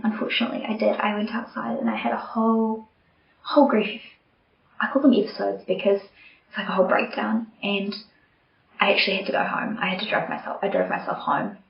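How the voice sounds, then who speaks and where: Young woman podcast host, earnest and open, soft near-whispers at times; roomy, slightly muffled home recording. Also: mid-range voice, vocal fry. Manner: candid, earnest, softening to near-whispers at tender moments. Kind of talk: personal reflective monologue.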